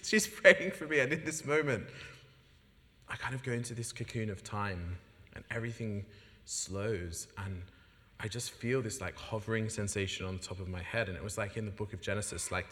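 A man giving an animated personal testimony as a guest preacher, acting out the voices of the people in his story and laughing often. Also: fairly low pitch, moderate pace. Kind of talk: testimony in a sermon. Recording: long hall reverb.

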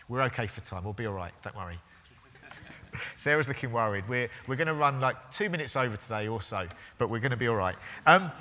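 A man's voice: medium pitch, pushed and bright. A man in his forties preaching a sermon as pastor, telling a story with restarts and acting out both sides of the conversation. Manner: storytelling, with hesitant restarts and acted-out dialogue. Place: church hall. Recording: long hall reverb.

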